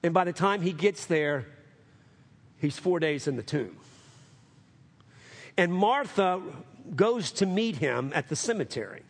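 A man preaching a sermon as pastor, calling for amens, swinging from emphatic highs to hushed lows. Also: expressive, measured pace, vocal fry, pauses often, breathy edge. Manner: calls for amens from the congregation.

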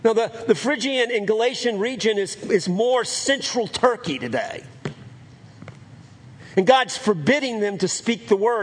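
A man's voice: high-pitched, expressive, unhurried, a little hiss or hum. A man preaching a sermon as pastor, earnest and repeating phrases for emphasis.

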